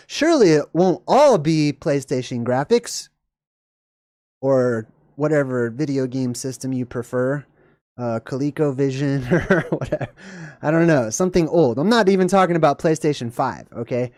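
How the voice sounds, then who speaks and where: A man's voice: moderate pace, dry recording, clean studio sound. Give me a man in a middle register doing casual, jokey reaction commentary. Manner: animated, jokey, voice jumps high when excited. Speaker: video host.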